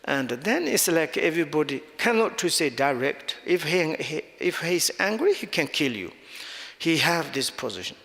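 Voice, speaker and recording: A man's voice: on the high side, big pitch swings, gravelly, fairly bright tone. Tibetan-accented man teaching in an echoey hall. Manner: halting non-native English with many restarts. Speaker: Buddhist teacher. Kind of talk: dharma teaching.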